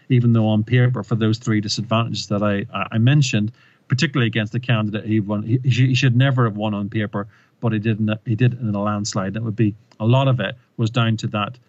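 Male guest expert, lively storyteller, dull dry lo-fi sound. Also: medium pitch, no room sound. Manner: animated storyteller, retells with rising emphasis. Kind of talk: explanatory interview talk.

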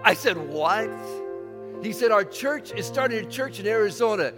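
A man in his fifties preaching a sermon as pastor, animated and acting out bits of dialogue in bursts. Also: high voice, moderate pace. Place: church sanctuary. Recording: church hall reverb with faint music.

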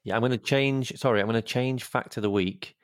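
A man's voice: medium pitch, brisk, no echo, studio quality. A man co-hosting a casual chat, teasing the others with sardonic banter. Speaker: podcast co-host.

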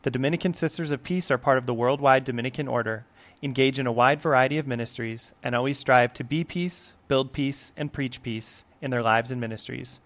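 A man's voice: medium pitch, a little fast, fairly bright tone. Man reading a formal podcast intro. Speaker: podcast host and producer. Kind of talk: scripted introduction.

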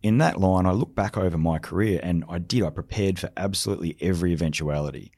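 A middle-aged Australian man with a low, deep voice tells vivid military anecdotes, slipping into the voices of the people he quotes. He sounds close and dry, with no room echo. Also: fast talker, darkish tone, breathy edge. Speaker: leadership consultant, special forces veteran. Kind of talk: storytelling podcast conversation.

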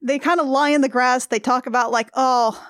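A woman co-hosting a casual movie recap, wry and quick to laugh. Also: high voice, steady tone, fairly bright tone, no room sound, clean studio sound. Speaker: podcast co-host.

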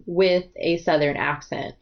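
An American woman hosts a casual book-club podcast, talking in long, rambling asides. Her voice sits a little low. The recording is dull and lo-fi, like a home podcast setup. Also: fairly even intonation, unhurried, creaky. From United States. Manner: chatty, rambling, quotes others in asides. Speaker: podcast host.

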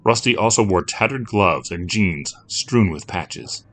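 A man reading a scripted story as narrator, in a measured, steady telling. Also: sits low.

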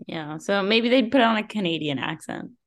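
A woman co-hosting a podcast, chatting casually about a book, joking and laughing a lot with deadpan asides. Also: medium pitch, moderate pace. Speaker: podcast co-host. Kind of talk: casual book review chat.

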